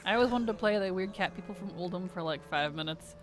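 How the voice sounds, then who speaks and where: A woman streaming a game, chatting casually with viewers, chatty and giggly with animated rants. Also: lowish voice, quick pace, faint music behind. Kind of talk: casual gameplay chat with viewers.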